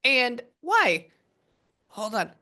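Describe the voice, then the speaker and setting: Bright-voiced chatty woman medium. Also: a little high, sing-song, drawn-out words. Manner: chatty, rambling, casual swearing. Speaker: psychic medium. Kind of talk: casual spirit reading session.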